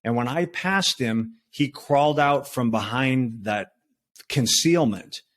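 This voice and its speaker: A man in his sixties, a retired federal agent, telling his story as a podcast guest in relaxed talk with fillers and restarts. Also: medium pitch, slow pace. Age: 60s. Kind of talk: conversational storytelling.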